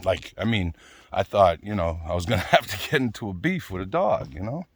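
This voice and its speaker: Blunt ranting man, lively pitch. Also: a little fast, slightly rough, dry recording. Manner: blunt, swearing, repeats "right?" and "you know?". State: out of breath at times. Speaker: vlogger. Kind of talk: casual ranting monologue.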